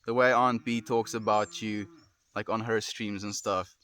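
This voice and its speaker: A man's voice: on the low side, flat delivery, unhurried, fairly bright tone, no room sound. A young man streaming, chatting with his viewers in an earnest, heartfelt, rambling way, sighing often. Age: young adult. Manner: earnest, heartfelt and rambling, full of sighs and "dude". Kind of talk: casual chat with viewers.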